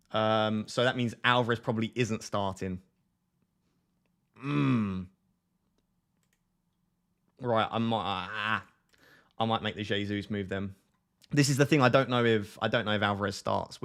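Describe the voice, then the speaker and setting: An excitable man talking through a live stream in a fairly low voice. He trips over his words and restarts sentences as he clicks along.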